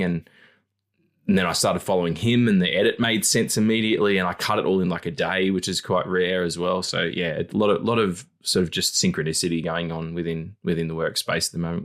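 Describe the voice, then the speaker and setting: A man co-hosting a podcast, rambling in casual chat, swearing freely and acting out quotes in squeaky voices. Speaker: podcast co-host.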